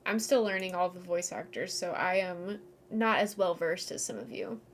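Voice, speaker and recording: A woman's voice: fairly low pitch, normal speed, slight background noise. A woman with a Southern US accent, chatting to her live chat while streaming a game. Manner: chatty, reading chat aloud, giggly. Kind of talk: live gameplay commentary. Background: loud game audio and music.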